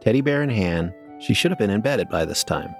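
A man's voice: lowish voice, expressive, a little fast, vocal fry, soft background music. A man co-hosting a podcast, reading listener stories aloud in a plain way and trading dry banter. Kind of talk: casual podcast chat and story reading.

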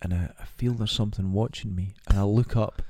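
A Scottish man with a low voice spins a long, animated anecdote on a podcast. He slips into the voices of the people in his story as he goes. The sound is close and dry. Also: brisk, no room sound. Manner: animated anecdote teller who acts out quoted voices. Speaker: podcast co-host. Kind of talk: casual storytelling chat.

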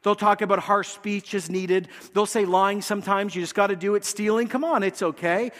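High-voiced pastor preaching. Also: male voice, fairly even intonation, normal speed, fairly bright tone, long reverb tail. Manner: earnest, direct, addresses the congregation. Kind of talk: sermon. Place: church sanctuary.

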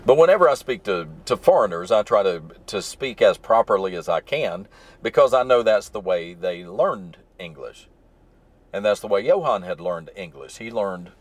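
A man's voice: low voice, slightly rough. A man with a mild Southern accent, hosting a podcast and telling stories in an easygoing, rambling way from his truck in traffic. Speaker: podcast host. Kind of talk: casual solo storytelling while driving.

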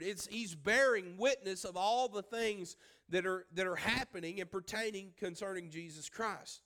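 A man preaches a sermon in a high, bright, forceful voice. He presses each point, repeating himself and asking the congregation direct questions. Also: moderate pace. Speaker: pastor.

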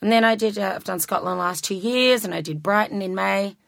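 A woman's voice: mid-range voice, a little fast, vocal fry, no echo, clean studio sound. An Australian woman, a musician, chatting casually, laughing often and swearing freely. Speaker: musician guest. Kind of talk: casual chat.

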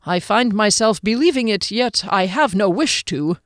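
A woman's voice: medium pitch, lively intonation, moderate pace, no room sound, studio quality, pitched above the performer's own voice, close to an everyday voice. A woman voicing a small male halfling gambler who speaks in formal, elaborate, courtly phrases. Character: fussy, flowery-spoken male halfling gambler.

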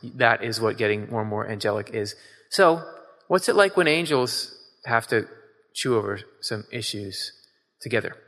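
A man preaching in a relaxed but emphatic way, reading scripture aloud and then talking it through with his listeners. His tone is bright and forceful. The hall around him rings with a long reverb. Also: lowish voice, normal speed. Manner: conversational, emphatic, asks the audience questions. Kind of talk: casual sermon with scripture reading.

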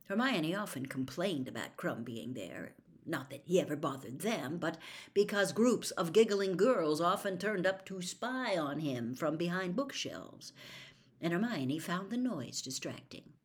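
A woman reads a children's novel aloud in an expressive storytelling voice. Her voice is low, yet her pitch moves a lot. She sometimes drops into a hushed whisper. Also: unhurried. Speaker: narrator. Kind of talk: audiobook narration.

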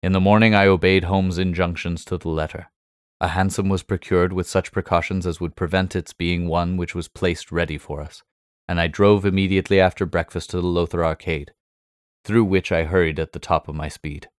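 A man reads a classic detective story with measured, formal care. His voice sits very low, and the recording is dry and close with no room sound. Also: flat delivery, clean tone, dry recording. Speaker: audiobook narrator.

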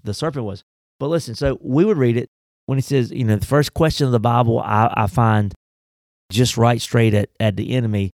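Pastor guy, gravelly voice, dry close sound, folksy and fired up. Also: medium pitch, fairly quick, no room sound. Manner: folksy, animated preaching with rhetorical questions. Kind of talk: casual faith discussion.

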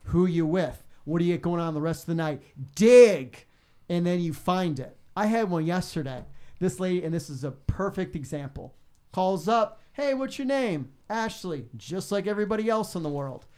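Animated radio DJ man, fairly high. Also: normal speed, clear, resonant tone. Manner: animated, acts out callers with big pitch jumps. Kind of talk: casual interview, storytelling.

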